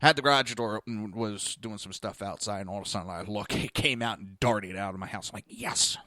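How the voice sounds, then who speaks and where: A man's voice: on the low side, fast, pushed and bright, no room sound, studio quality. A man hosting a podcast, telling a blunt, profane story in a casual monologue. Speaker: podcast host. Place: lives in Florida.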